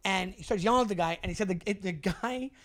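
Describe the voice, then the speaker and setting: A man, co-hosting a podcast and telling animated stories with swearing and restarts. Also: high-pitched, fast. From Long Island, New York. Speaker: podcast co-host. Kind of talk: casual chat.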